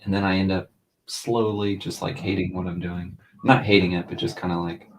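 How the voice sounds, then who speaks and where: Middle-aged man, low voice, casual co-host, animated storyteller. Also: brisk, a little hiss or hum. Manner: animated storyteller, mimics voices with big pitch jumps. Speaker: podcast co-host drawing while chatting. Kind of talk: casual chat.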